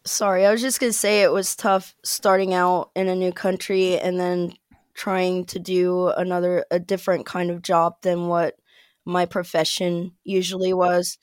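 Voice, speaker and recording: A woman's voice: lowish voice, little pitch movement, normal speed, clean tone, no echo, studio quality. An American woman talking as a podcast guest, chatty and rambling, with frequent fillers and laughs. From United States. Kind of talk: casual interview chat.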